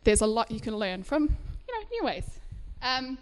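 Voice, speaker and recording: A woman's voice: fairly high pitch, very animated, normal speed, clear, resonant tone. A woman in her thirties from South Africa, telling a personal story to a live audience at an indoor event, chatty and laughing often between fillers.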